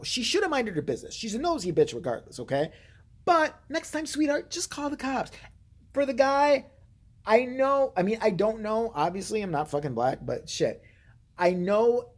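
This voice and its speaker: Husky-voiced woman on a profane rant. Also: on the low side, darkish tone. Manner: blunt, heated, profane storytelling. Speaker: vlogger.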